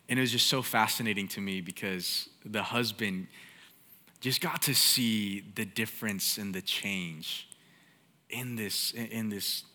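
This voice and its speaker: A man's voice: on the low side, bright, forceful tone, in a large hall. A young man preaching a sermon in a casual, conversational way, often saying "like".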